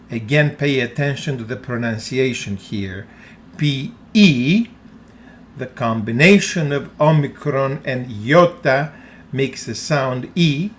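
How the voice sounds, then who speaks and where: Slow, careful man teaching pronunciation. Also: medium pitch, fairly bright tone. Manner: slow, carefully enunciated, repeats words for the listener to echo. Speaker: Greek teacher. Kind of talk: slow language lesson with pronunciation drills.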